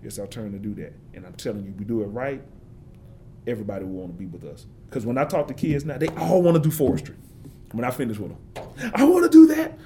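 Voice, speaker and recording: A man's voice: a little high, darkish tone, slight background noise. A man giving an interview, talking with passion and building points through emphatic repetition. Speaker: forester and interview guest.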